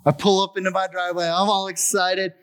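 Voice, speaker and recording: A man's voice: sits high, level tone, a little fast, fairly bright tone, clean tone. A man giving a personal recovery testimony, telling his story expressively and acting out the dialogue. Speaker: testimony speaker.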